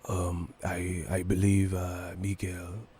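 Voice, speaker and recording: A man impersonating a soft-spoken male boxer, whispering and mumbling in halting fragments. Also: low-pitched, completely flat delivery, a little hiss or hum, pitched below the performer's own voice.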